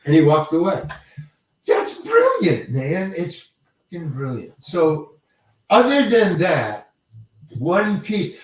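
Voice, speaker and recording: Older actor telling stories, echoey distant mic. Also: male voice, high voice, slow pace, pauses often. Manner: animated, acts out quoted lines, swears casually. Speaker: actor guest. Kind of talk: storytelling interview. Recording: echoey room, mic far off.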